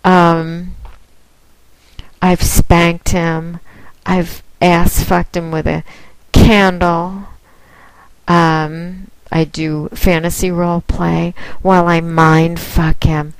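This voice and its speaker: Woman, lower voice, unhurried, dominant and teasing, casual monologue, recorded dry and close. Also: clear, resonant tone, no room sound, rough recording. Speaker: phone domination mistress promoting her line.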